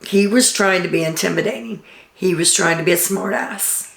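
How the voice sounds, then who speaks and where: In an echoey room, a woman recaps a reality TV episode through casual, chatty storytelling. Her voice is fairly low, gravelly and moderately paced, and she reads out quotes with the occasional filler "um."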